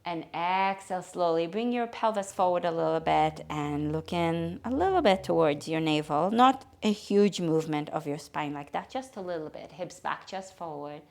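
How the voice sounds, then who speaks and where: Woman, yoga teacher, gentle guided instruction, lowish pitch. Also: moderate pace, vocal fry, few pauses. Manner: calm, gentle guiding cues.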